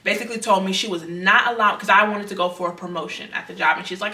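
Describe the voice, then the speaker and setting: A young woman with a mid-range, fairly even voice speaks fast in a pushed, bright tone. She earnestly shares a personal faith testimony, conversational and repetitive. The sound is roomy, with the mic at a distance.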